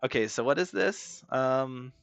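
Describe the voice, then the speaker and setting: A man streaming a game, chatting casually in a playful, rambling way with swearing and sudden loud excited outbursts. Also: medium pitch, measured pace, vocal fry, dry recording, faint music behind. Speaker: gaming streamer. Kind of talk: casual live gameplay commentary.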